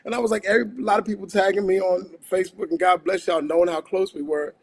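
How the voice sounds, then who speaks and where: A man's voice: high-pitched, fairly even intonation, fast, gravelly. A grieving man speaking as a guest on a talk show, raw and emotional, swinging between laughter and anger. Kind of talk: livestream talk show conversation.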